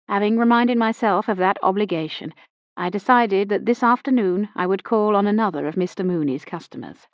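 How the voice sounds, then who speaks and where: A woman reading a first-person mystery novel aloud in a measured, wry storytelling voice. Her pitch sits in the middle, and the recording is dry and a little dull. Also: no room sound. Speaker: audiobook narrator. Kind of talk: first-person audiobook narration of a period mystery.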